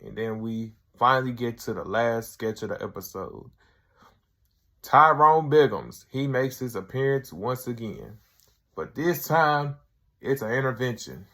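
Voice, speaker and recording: A man's voice: mid-range voice, normal speed, hardly any pauses, fairly bright tone. Casual man retelling a sketch show. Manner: loose retelling, full of "like" and "he's like". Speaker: show reviewer, channel host. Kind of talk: casual video review.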